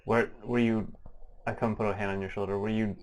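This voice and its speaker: A man playing a tabletop game, thinking out loud and asking questions in casual chat. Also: lowish voice, little pitch movement, fairly quick. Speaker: player.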